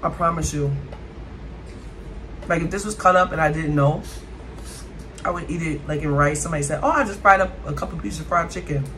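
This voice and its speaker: A bright, forceful woman talks straight to her viewers in a casual mukbang. She is chatty and dramatic and keeps calling them y'all, with a faint hiss of noise behind her. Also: deep voice, a little fast, long pauses. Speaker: food vlogger.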